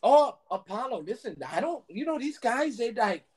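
A man's voice: very high voice, very animated, normal speed, a little mellow, breathy edge, pitched above the performer's own voice, heavily acted. A man imitating a sleazy male nightclub manager who mocks and insults the people in line. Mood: dismissive. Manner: sneering, mocking the people in line.

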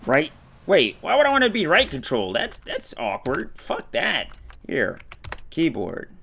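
Male game streamer, lively pitch, faint hiss behind, cusses and shouts when jumpy. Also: a little slow, vocal fry. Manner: swears a lot, yelps and shouts when startled. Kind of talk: casual gameplay commentary.

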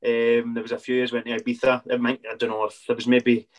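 A Scottish man chats as a guest about his football days, recounting them in a laid-back way. He keeps saying "aye", and his voice sits at an ordinary middle pitch. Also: monotone, quick pace. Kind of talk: casual chat.

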